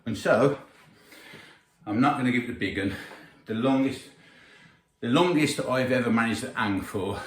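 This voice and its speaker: A man's voice: fairly low pitch, fairly bright tone. A man giving blunt, opinionated, sweary gym advice in a casual workout vlog. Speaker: gym trainer. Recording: roomy gym, mic at a distance.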